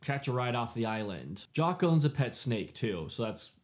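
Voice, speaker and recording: A man's voice: mid-range voice, sing-song, normal speed. A young man hosting a casual ranking video, offhand and self-deprecating, often trailing off at the end of a thought. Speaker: movie ranking host. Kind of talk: casual list commentary.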